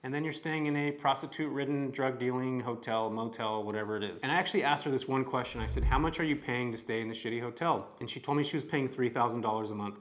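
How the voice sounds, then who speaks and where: A young man from California talking casually and upbeat to camera about his rental property. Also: medium pitch. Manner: upbeat, chatty, conversational. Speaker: real estate vlogger.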